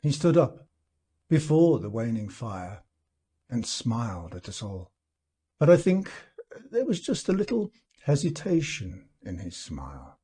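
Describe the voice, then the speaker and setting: A man reading a classic short story aloud in a measured, expressive storytelling manner. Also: slightly rough. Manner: measured storytelling with lively pitch. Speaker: audiobook reader.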